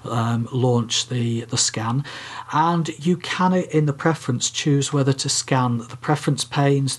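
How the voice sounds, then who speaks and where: A man's voice: medium pitch, breathy edge. A man co-hosting a casual podcast, explaining things step by step with frequent ums and uhs. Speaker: podcast co-host. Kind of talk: casual tech podcast chat.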